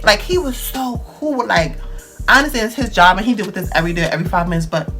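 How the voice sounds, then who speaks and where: A young man, telling a dramatic storytime vlog in slangy, animated speech. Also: sits high, quick pace, soft background music. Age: 20s. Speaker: vlogger.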